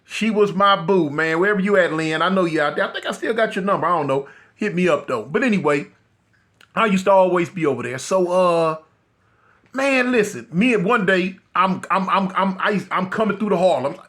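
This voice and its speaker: A man vlogging a casual street story in a slangy, animated way, talking straight to his viewers. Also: high voice, a little fast.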